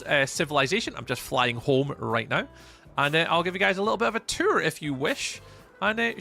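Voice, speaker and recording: A Scottish man hosts a live game stream with a bright, edgy voice and a good deal of vocal fry. He chats easily with his viewers, greeting them by name and reading their messages aloud, while his pitch swings freely up and down. Faint music plays behind him. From Scotland. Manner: chatty, greets and thanks chat by name, reads messages aloud.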